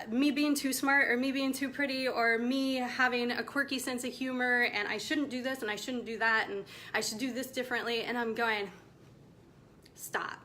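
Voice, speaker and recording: Bright-voiced woman in her forties coaching. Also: a little high, slight background noise. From United States. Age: 40s. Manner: emphatic, passionate, preachy. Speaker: women's coach. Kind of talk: direct-to-camera motivational talk.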